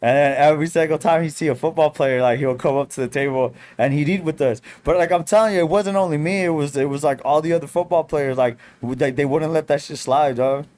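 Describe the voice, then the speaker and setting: A man's voice: fairly high pitch, fast, few pauses, darkish tone. A young man co-hosting a podcast, telling stories in casual slang with lots of fillers. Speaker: podcast co-host. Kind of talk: casual chat.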